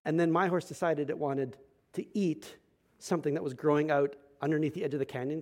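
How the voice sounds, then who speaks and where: A young adult male pastor preaching a sermon, telling a personal story and swinging from hushed asides to loud emphatic passages. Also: on the high side, steady tone, fairly quick.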